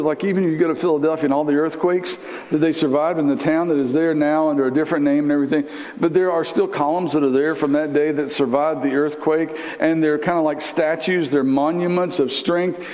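A male pastor delivers a sermon with animated energy, often repeating the first words of a phrase before pushing on. His voice sits a little high for a man, and it rings out with a long reverb from a large hall. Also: brisk.

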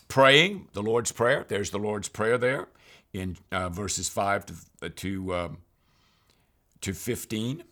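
Male priest with a somewhat low voice, earnest and unhurried, leading a Bible reading talk. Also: fairly bright tone. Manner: earnest, unhurried, reads scripture aloud.

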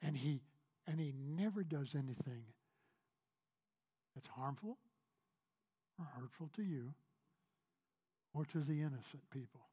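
High-voiced preacher, loud then hushed. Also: male voice, animated, unhurried, pauses often, husky. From Kentucky. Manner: swings between loud emphatic lines and hushed, soft passages; conversational preaching, asks the congregation questions. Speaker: pastor. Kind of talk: sermon.

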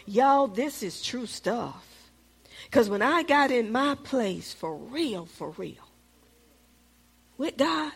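A middle-aged woman pastor, preaching with a fairly high voice. She calls out to the congregation and swings between firm, raised emphasis and hushed whispers. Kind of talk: sermon.

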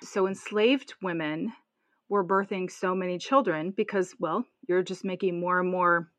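A woman's voice: lowish voice, measured pace, dry recording. A woman co-hosting a podcast, talking frankly and bluntly in casual chat. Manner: frank and outspoken, swears when indignant. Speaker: podcast co-host.

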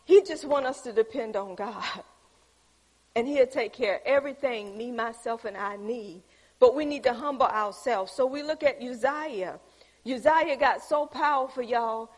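An older woman, preaching a sermon as lively storytelling, acting out the voices she quotes. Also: on the high side, moderate pace. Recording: echoey hall.

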